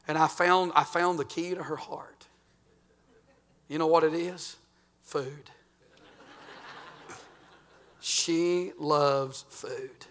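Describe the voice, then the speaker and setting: An older man, a pastor preaching a folksy sermon that swings between loud and quiet. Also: a little high.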